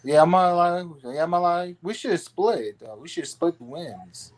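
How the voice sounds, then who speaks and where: A man from California joins a casual sports chat. His voice sits a little high, and he agrees readily, restarts often and repeats his points. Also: lively intonation. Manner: agreeable, with quick interjections and repeats.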